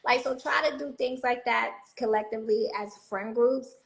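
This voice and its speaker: A woman co-hosting a candid casual chat, lively and slangy, backing up her co-host. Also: fairly high pitch, moderate pace, gravelly. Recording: echoey room.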